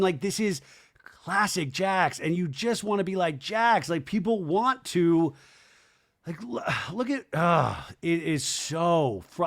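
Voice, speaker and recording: A man hosting a podcast, recapping a reality show in an animated, gossipy, rambling way. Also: sits high. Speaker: podcast host. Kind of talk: casual comedic TV recap.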